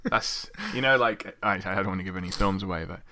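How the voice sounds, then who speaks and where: A man's voice: low-pitched, fast, pushed and bright. A man co-hosting a casual film commentary, joking sarcastically and crudely as he mocks the movie.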